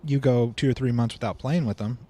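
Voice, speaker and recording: A man of middle pitch chats casually on a podcast, a drum teacher telling stories with energy. He slips into the voices of the people he quotes as the story goes along. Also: fairly quick. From Seattle, Washington. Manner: animated storyteller who acts out quoted speech. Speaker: podcast guest, drum instructor.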